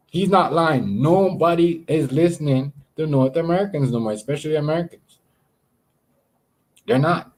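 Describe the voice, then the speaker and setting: A man's voice: on the high side, moderate pace. A man chatting casually on a livestream, rambling and swearing, often repeating words as he talks to his viewers. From Canada. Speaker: live streamer.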